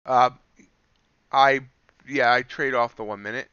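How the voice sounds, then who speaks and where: A man talking through his trades on a live stream, his voice bright and smooth. He chats in a relaxed way, thinking aloud and answering viewers. The sound is dry and a little dull, close to the mic. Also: medium pitch, measured pace, dry recording. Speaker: livestreaming futures trader. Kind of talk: casual live-stream commentary.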